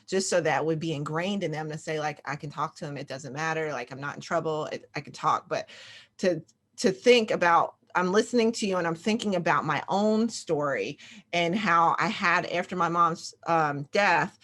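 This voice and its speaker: A woman's voice: low-pitched, moderate pace, a bit bright. A young adult woman hosting an interview, sharing her own story in a reflective, open way. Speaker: host. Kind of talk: conversational interview.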